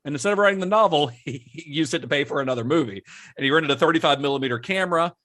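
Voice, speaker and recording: A man's voice: on the high side, racing, bright, forceful tone. A man hosting a film podcast in casual chat, explaining at length and laughing often as he talks. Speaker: podcast host.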